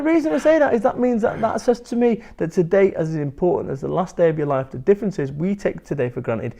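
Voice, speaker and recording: A blunt, animated man, talking freely in an interview and peppering his points with swearing. His voice sits a little higher than most men's. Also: quick pace, vocal fry. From England. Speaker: guest, motivational speaker. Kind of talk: candid interview talk.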